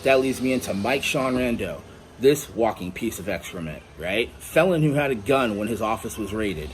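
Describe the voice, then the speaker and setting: Male vlogger, combative rant, salty language; quiet room hum behind. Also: lowish voice, expressive, moderate pace. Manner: blunt, profane, combative. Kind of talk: angry ranting monologue. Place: indoors at home.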